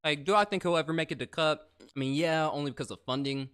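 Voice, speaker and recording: A man's voice: a little high, fast talker, a bit bright, clear, resonant tone. A man appearing as a guest YouTuber on a livestream, chatty and playful, full of slang. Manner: chatty, slangy, playful, says bro and y'all. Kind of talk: casual livestream chat.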